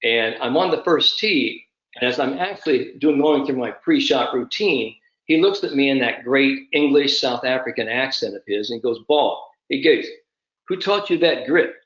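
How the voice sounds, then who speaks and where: A man in his fifties, a sport psychologist, telling an anecdote with animated storytelling during an online summit. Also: mid-range voice, moderate pace, reverberant, dull audio. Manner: animated anecdotal storyteller, addresses the host by name.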